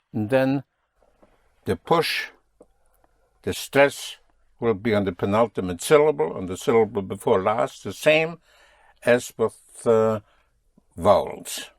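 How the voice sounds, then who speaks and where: A man's voice: medium pitch, lively intonation, measured pace, pauses often, no echo. A man teaching a language lesson, patiently quizzing his students and explaining rules. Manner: patient, drilling students with questions.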